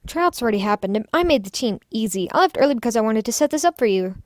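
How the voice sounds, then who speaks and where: A woman reading a visual novel aloud, voicing a bubbly, bossy teenage schoolgirl with a pushy, excited delivery. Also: a little high, fast, no echo, close to an everyday voice.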